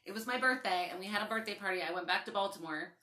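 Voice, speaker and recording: A woman's voice: medium pitch, racing, roomy sound. A young woman hosting a casual podcast chat, telling stories with lots of laughter and swearing. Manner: animated storytelling, laughs often, swears freely. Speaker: podcast host.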